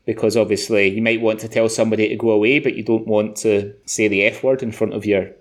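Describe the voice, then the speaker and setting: A man's voice: on the low side, quick pace. A man co-hosting a podcast, chatting casually and telling stories with many restarts. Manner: rambling, many restarts, animated storytelling. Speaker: podcast co-host. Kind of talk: casual chat.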